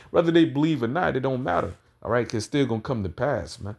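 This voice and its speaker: A man preaching a combative sermon, reading scripture slowly and then ranting in loose, profane street talk, often tagging lines with "man" and "all right". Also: medium pitch, sing-song, vocal fry. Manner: reads verses slowly and loudly, then rants quickly.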